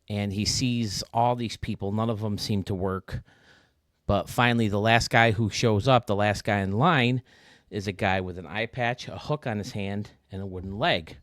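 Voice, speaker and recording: A man with a fairly low voice gives chatty, excitable gameplay commentary as a video game stadium reviewer, touring a built stadium and addressing his viewers. The recording is clean studio sound with no room acoustics.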